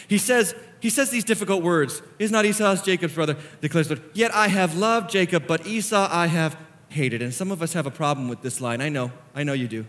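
A man preaching a sermon as pastor, passionate, swinging between hushed reflection and near-shouting. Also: fairly high pitch.

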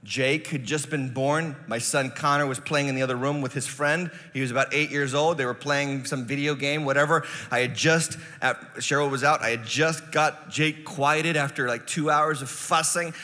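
A middle-aged male pastor preaching a sermon, telling stories and building to loud, emphatic preaching. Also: mid-range voice, steady tone, moderate pace, few pauses, long reverb tail.

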